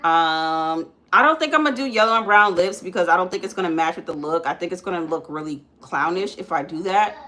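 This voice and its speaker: A young woman with a bright, fairly low voice talks her way through a live makeup session. She is chatty and loose, full of ums, calling her viewers guys. Now and then she breaks off to tell her kids to put things back. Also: lively intonation, fairly quick, few pauses. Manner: frequent ums while working. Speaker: makeup vlogger and mother. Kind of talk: casual live-stream makeup chat.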